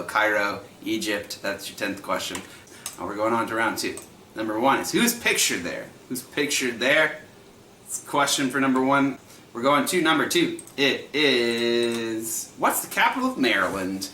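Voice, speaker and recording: Man hosting trivia, thirties, chatty and laughing, bright voice, roomy home sound, faint hum. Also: medium pitch, lively intonation, normal speed. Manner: chatty, laughs often, repeats questions. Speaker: trivia night host.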